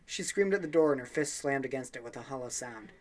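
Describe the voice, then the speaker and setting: A man's voice: medium pitch, steady tone, fast talker, darkish tone. A young man reading a game's story text aloud for a let's play, with offhand asides and small slips.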